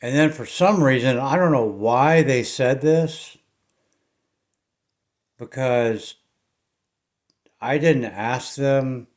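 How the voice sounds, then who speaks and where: A middle-aged man with a Southern US accent, telling a ghost story in a casual, rambling way to his viewers, often trailing off into quiet mumbles. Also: mid-range voice. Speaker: paranormal investigator vlogger.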